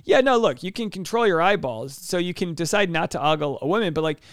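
A man's voice: animated, fairly quick, clear, resonant tone, no echo, clean studio sound. A man hosting a solo podcast, talking casually and animatedly, with joking asides and acted-out quotes. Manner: acts out quoted voices with big pitch jumps. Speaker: podcast host.

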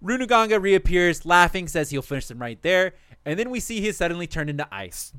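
A man's voice: high voice, expressive, fairly quick, a bit bright, clean tone, no room sound, clean studio sound. A man animatedly recapping a cartoon plot for friends in casual, profane storytelling, laughing often.

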